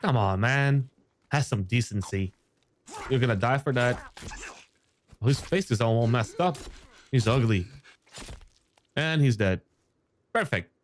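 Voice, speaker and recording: A young man talking through a survival game as he plays, excitable and quick to curse. His pitch leaps high whenever something surprises him, then settles back to an ordinary male level. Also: slight background noise. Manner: excitable, swears, jumps high when surprised. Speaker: gaming YouTuber. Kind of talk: let's play commentary.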